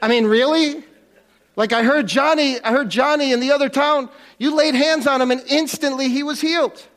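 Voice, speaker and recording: A man's voice: extremely high pitch, fairly even intonation, normal speed, a bit bright. A man preaching a casual, conversational sermon to a congregation in a church, often restarting and repeating words.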